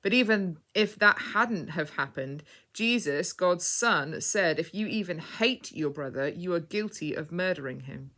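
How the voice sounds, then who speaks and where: Stern, authoritative storybook knight who commands a crowd, read by a woman in a low, bright voice. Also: animated, a little slow, hardly any pauses. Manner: firm, authoritative and loud.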